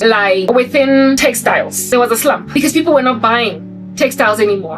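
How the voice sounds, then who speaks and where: South African woman, high pitch, animated preachy vlog rant, slightly distant mic, faint music bed. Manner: animated, preachy, repeats rhetorical questions. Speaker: Christian vlogger. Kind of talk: ranting satirical monologue to camera.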